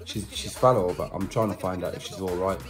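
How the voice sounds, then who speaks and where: A deep-voiced man speaks briskly with fairly even intonation. He's a vlogger and musician telling his subscribers a personal story to camera in a casual, chatty, repetitive manner with slang asides.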